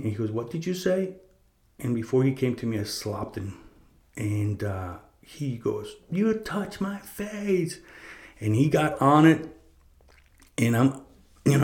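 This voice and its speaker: A man's voice: mid-range voice, a little mellow. Middle-aged male host, mid-range voice, rambling fervent storyteller who swears, recorded in a roomy, echoey space. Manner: rambling, with many restarts and swearing. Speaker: podcast host. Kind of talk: casual storytelling monologue. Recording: echoey room.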